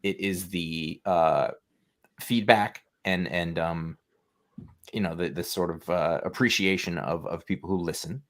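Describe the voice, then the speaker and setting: Middle-aged man, low register, reflective and digressive podcast co-host. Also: steady tone, a little slow, a bit bright. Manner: thoughtful, digressive. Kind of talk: casual chat.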